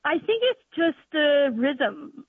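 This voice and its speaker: A woman's voice: high-pitched, very animated, slow. A woman from North Dakota calling in to a radio show, chatting casually and enthusiastically with some ums and likes. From North Dakota, USA. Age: adult teacher. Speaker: radio call-in caller. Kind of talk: casual phone chat. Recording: tinny phone line.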